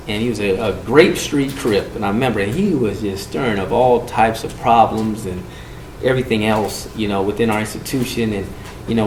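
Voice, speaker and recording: A man speaking to a group about gang and drug prevention, telling a story and acting out the quotes with big swings in voice. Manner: animated, acts out quotes with swings in pitch and volume. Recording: echoey room with faint noise.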